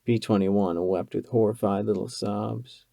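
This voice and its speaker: Gravelly dark-voiced male audiobook narrator. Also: fairly low pitch, steady tone, a little slow, no room sound.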